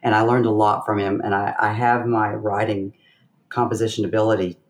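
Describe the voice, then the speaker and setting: Middle-aged woman telling stories, lively, laughs a lot, chatty guest. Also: very deep voice, a little fast, roomy sound. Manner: animated storyteller with bursts of laughter. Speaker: guest pianist. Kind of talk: casual interview storytelling.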